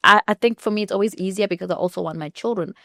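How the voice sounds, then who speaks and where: A South African woman hosting a podcast, talking in a lively and expressive way in casual conversation. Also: mid-range voice, very fast, no room sound, clean studio sound. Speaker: podcast host.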